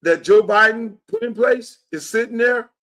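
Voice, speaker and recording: A man's voice: high-pitched, normal speed, pushed and bright. A man hosting his own show and talking about his run for office in an emphatic, blunt, profane and repetitive way. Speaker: show host and political candidate. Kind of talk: casual political monologue.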